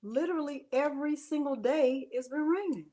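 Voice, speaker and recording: Woman doing a live craft demo, high voice, chatty, laughs a lot, talks right to the viewers. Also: normal speed, mellow. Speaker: craft livestream host.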